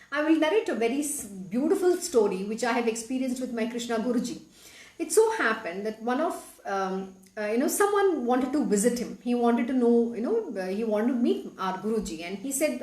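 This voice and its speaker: A woman's voice: sits high, reverberant. A woman reading a devotional scripture aloud and explaining it in an earnest, emphatic way. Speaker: spiritual teacher reading scripture.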